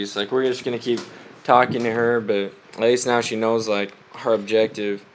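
Stuffy from a cold, a young missionary chats to his family in a casual update, laughing frequently and leaning heavily on "like" as he rambles. He has a fairly low pitch, a level tone, and a normal pace. Some slight background noise is audible.

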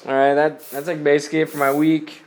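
A man's voice: on the high side, level tone, fast, a little mellow. A young man, a missionary, giving a casual spoken update to his family, rambling with many "like"s and frequent laughs, his voice slightly stuffy from a cold. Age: young adult. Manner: rambling, heavy use of "like", laughs often.

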